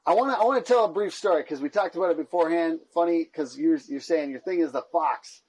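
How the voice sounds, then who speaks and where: A man's voice: a little high, quick pace, a little mellow, poor audio. A man hosting a podcast in casual chat, rambling with lots of "like" and "you know what I mean". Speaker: podcast host.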